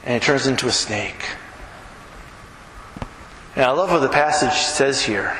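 Animated pastor preaching in an echoey hall. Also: male voice, medium pitch, unhurried. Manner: animated, talks with the audience, acts out quotes. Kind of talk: sermon with storytelling. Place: church hall. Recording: echoey hall with room noise.

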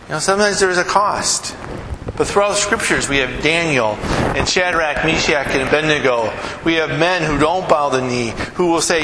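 A man's voice: fairly high pitch, moderate pace, roomy sound, long reverb tail, noisy background. A middle-aged man preaching a sermon in a conversational way, asking rhetorical questions and acting out stories. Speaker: pastor.

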